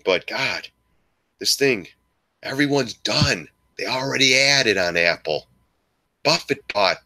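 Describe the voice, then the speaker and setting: A man giving excitable live stock market commentary to his viewers, joking and swearing as he goes. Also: medium pitch. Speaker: stock trading streamer.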